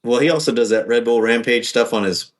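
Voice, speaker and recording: A man guesting on a podcast, an off-road driver, talks casually in a medium-pitched voice, a little fast. His speech rambles and hesitates, full of ums and restarts.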